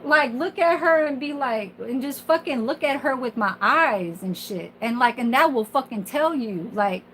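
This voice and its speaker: A woman's voice: high-pitched, animated, moderate pace, a bit bright, slight background noise, poor audio. Candid, profane woman in her forties. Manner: candid, profane, rambling with many fillers. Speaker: kitchen worker. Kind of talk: casual venting monologue.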